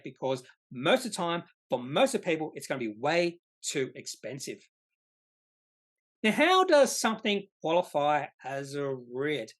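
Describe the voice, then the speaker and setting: A presenter of an investing channel explains a topic from slides, stressing key words and sometimes correcting himself mid-sentence. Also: medium pitch. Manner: emphatic, repeats key words, occasional self-corrections. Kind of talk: slide-based explainer lesson.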